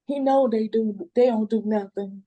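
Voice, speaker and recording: A woman's voice: fairly high pitch, normal speed, warm tone. An older woman, a grandmother, crying and pleading emotionally in a custody hearing over a phone video call, rambling and repeating herself. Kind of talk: pleading closing statement in court.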